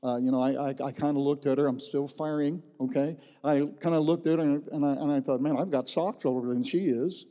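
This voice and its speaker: A man's voice: a little high, steady tone, fairly quick, hardly any pauses, mellow. A middle-aged man, a pastor, giving his personal testimony as a folksy storyteller who repeats phrases for emphasis. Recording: long reverb in a large hall.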